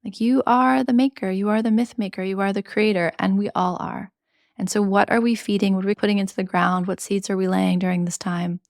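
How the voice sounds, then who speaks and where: Gravelly-voiced woman hosting a tarot podcast. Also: medium pitch, steady tone, fairly quick, no room sound, studio quality. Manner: earnest and chatty, slangy asides. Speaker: podcast host reading tarot. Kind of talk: casual spiritual monologue.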